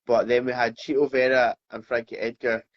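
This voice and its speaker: A man co-hosting a casual talk podcast, easygoing and relaxed as he tells stories. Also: mid-range voice, brisk. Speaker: podcast co-host. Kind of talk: casual chat. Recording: slightly dull lo-fi sound.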